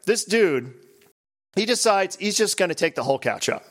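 A man's voice: high-pitched, very animated, normal speed, fairly bright tone. A man hosting a podcast, chatting casually, prompting his co-host and teasing.

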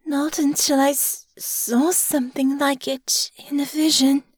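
A woman voicing a timid, eager young woman in whispered role-play, with a breathy, shaky voice. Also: sits high, flat delivery, a little slow, dry recording, pitched above the performer's own voice. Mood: breathless.

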